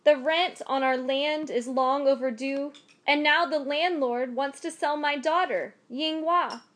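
A woman's voice: high voice, fairly even intonation, unhurried, fairly bright tone, voice pushed up. A woman storyteller voicing a distraught young peasant wife who pleads and cries out. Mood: desperate. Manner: pleading, crying out.

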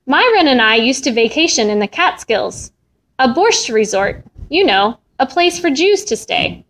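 A woman reading a storybook aloud and voicing a warm-hearted elderly immigrant widow with old-world phrasing and fond repetitions. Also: sits high, big pitch swings, a little slow, heavily acted.

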